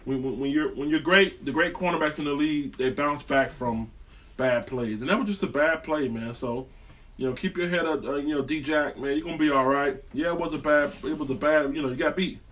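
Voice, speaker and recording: A man's voice: fairly high pitch, a little fast, a bit bright, recorded from a distance. A man delivering a heated, profane, rambling sports rant as a fan vlogger.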